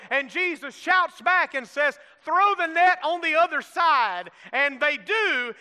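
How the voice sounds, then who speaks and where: High bright-voiced preacher in a reverberant hall. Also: male voice. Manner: preaching with call-and-response prompts; folksy humor, acts out the disciples' lines. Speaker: pastor. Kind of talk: sermon.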